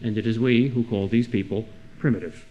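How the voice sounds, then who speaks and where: A man's voice: on the low side, fairly even intonation, a little fast, lo-fi sound. A man delivering a sermon-like lecture, earnest and full of rhetorical questions with rising emphasis. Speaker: speaker.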